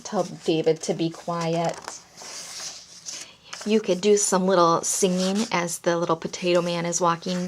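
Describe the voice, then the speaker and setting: A woman giving parents gentle, encouraging tips on reading aloud to toddlers, in an instructional talk. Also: fairly low pitch, level tone, measured pace, slight background noise. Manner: gentle, encouraging, breaks into playful sound demonstrations. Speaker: early childhood reading coach.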